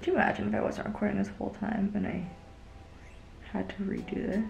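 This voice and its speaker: A woman's voice: medium pitch, little pitch movement, brisk, vocal fry, darkish tone, reverberant, soft background music. A young woman vlogging casually as she tests a gadget, chatty and easily grossed out. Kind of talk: casual product-testing vlog.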